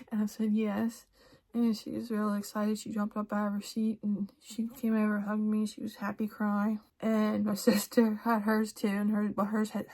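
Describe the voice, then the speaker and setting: A young woman vlogger chatting casually while she gets ready, rambling with many restarts and soft laughs. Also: mid-range voice. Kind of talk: casual get-ready-with-me chat.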